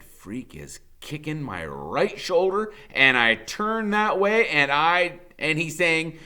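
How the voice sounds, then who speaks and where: A man, a teacher, reading a novel aloud in dramatic first-person narration that drops to a hush for tense moments. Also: on the high side, sing-song, unhurried, few pauses.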